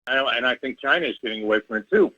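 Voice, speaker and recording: A man phoning in to a talk radio show to rant bluntly about politics. His voice is husky and agitated. The line sounds dull and muffled, as phone calls do. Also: mid-range voice, racing, sharp tone. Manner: blunt, agitated, repeats "all right?". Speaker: caller.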